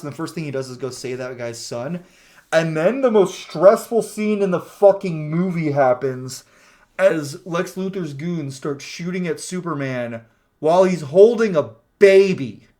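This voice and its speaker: A man's voice: on the high side, a little mellow. A man giving a casual, chatty plot recap in a movie review, full of "like" fillers and the odd swear word. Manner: acts out characters' lines when quoting them.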